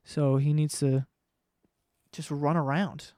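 A man's voice: on the high side, takes it slowly, no echo. Young man, dry close sound, rambling rant. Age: 20s. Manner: profane, rambling, animated. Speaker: vlogger. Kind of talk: casual rant to camera. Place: home room below living room.

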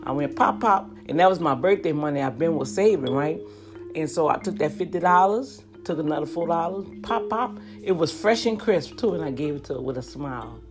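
Animated woman telling a story. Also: deep voice, brisk, music in the background. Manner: animated, talks straight to her viewers. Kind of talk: casual storytelling to viewers.

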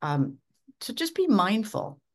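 A middle-aged woman from Minnesota, a leadership coach giving measured, instructive advice as a podcast guest. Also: big pitch swings. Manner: measured, instructive, dramatic swings of pitch and volume. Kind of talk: podcast interview.

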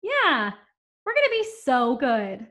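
An actress playing a flustered young stewardess with chirpy, dismissive customer-service patter in a comedic audio drama. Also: female voice, sits high, wildly swooping pitch, takes it slowly, fairly bright tone, exaggerated voice. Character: flustered young female stewardess, breezy and rude.

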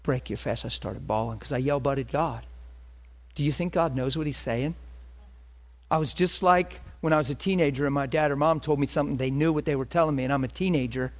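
Male preacher, sermon, animated storytelling, quick asides. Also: a little high.

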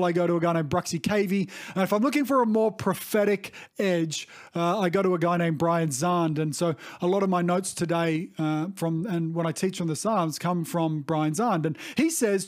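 Earnest higher-voiced male pastor preaching. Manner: earnest, reflective, with frequent restarts and "you see". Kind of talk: sermon.

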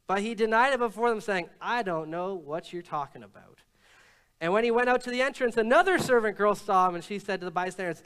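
A male pastor preaching a sermon, reading scripture and retelling it with lively shifts in voice and pace. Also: normal speed, clear, resonant tone. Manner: storytelling preacher, quotes scripture and acts out lines with shifts in pitch and pace. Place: church.

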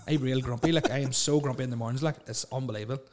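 A man's voice: mid-range voice, fairly even intonation, racing, darkish tone. A young man in casual chat, rambling through stories, laughing often and swearing freely.

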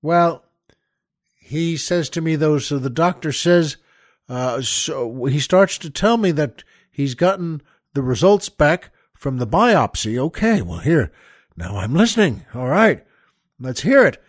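A man's voice: on the high side, expressive, measured pace, dry recording, studio quality. A man hosting a show, telling a comic story in an exasperated, rambling, incredulous way. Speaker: podcast host.

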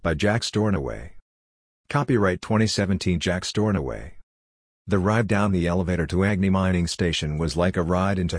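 Deep-voiced man narrating an audiobook. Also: breathy edge, dry recording, studio quality. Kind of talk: scripted narration.

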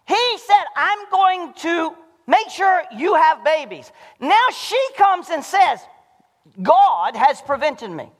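A pastor preaching a sermon in a church, animated and swinging between shouting and hushed lows. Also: male voice, slow pace. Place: church sanctuary. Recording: long hall reverb.

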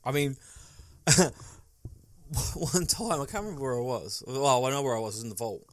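A young man co-hosting a podcast, telling stories in a sweary way with halting restarts. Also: medium pitch, lively intonation, fairly bright tone. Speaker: podcast co-host. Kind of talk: casual podcast chat.

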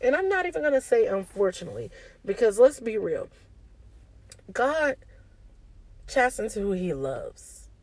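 A woman's voice: fairly high pitch, sing-song, a little slow, pauses often, darkish tone, no room sound, low-quality recording. A woman giving an informal devotional talk to her online community, often asking "okay?" and speaking in a casual, preachy way. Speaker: faith speaker.

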